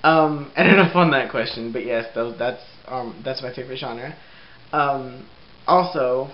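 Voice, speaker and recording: A young man vlogging at home in a casual, rambling way, laughing often and filling pauses with ums. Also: medium pitch. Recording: roomy, dull lo-fi sound with faint hiss.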